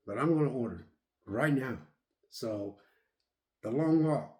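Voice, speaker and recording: A middle-aged man in a casual vlog, excitedly retelling a movie's scenes and acting out the characters' lines. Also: mid-range voice, unhurried. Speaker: vlogger reviewing a movie.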